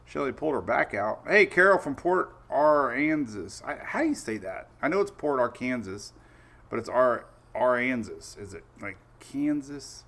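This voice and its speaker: A friendly man chats casually on his weather livestream, his voice sitting at an ordinary middle pitch. He greets viewers by name between stories and slips quoted lines into his anecdotes. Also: big pitch swings, normal speed, bright, forceful tone. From Florida Gulf Coast. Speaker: weather show host.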